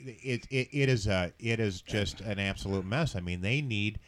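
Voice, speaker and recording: A man in casual political chat, halting and measured, restarting his sentences. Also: on the low side, noisy background.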